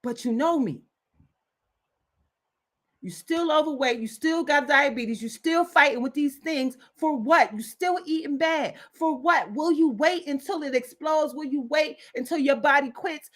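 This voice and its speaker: A woman's voice: high-pitched, normal speed, fairly bright tone. A woman giving an impassioned wellness talk in a preachy, urgent way, driving her points home through repetition. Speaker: wellness speaker.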